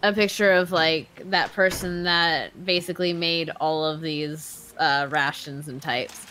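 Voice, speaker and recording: A woman's voice: low voice, fairly even intonation, a little slow, sharp tone, slight background noise. A woman chatting as a player in an online tabletop game, trailing off and correcting herself over a desktop mic. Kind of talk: casual chat at a tabletop game.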